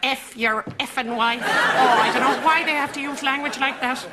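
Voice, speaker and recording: Sitcom casting: a high-voiced, prim older Irish housekeeper, over loud audience laughter and noise. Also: female voice, animated, moderate pace, a loud crowd. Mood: scandalised. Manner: prim, relishing the swearing she condemns. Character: gossipy elderly housekeeper woman, scandalised. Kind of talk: sitcom acting.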